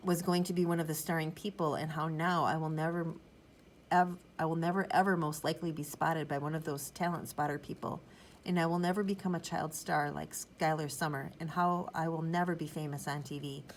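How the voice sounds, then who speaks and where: A woman narrating a children's chapter book in the first person, rambling in a chatty, childlike way. Her voice sits on the low side. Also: fairly even intonation, a little fast, a little hiss or hum, low-quality recording. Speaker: audiobook narrator.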